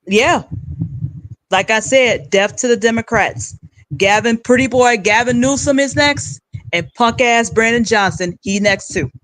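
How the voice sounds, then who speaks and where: A woman's voice: a little high, measured pace, fairly bright tone, no room sound, low-quality recording. A woman hosting a political commentary livestream, giving blunt, emphatic rants. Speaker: livestream host.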